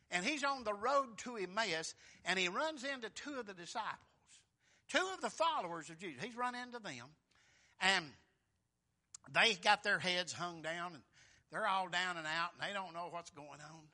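A man preaching a sermon in a folksy, emphatic way, swinging between loud and soft. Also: high voice, expressive, moderate pace.

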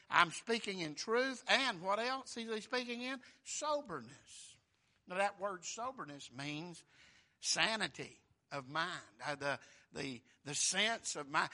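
A high-pitched male preacher with a forceful, piercing, tense voice. He delivers a sermon that swings from quiet asides to shouted, fervent peaks. He repeats phrases for emphasis and calls out to the room.

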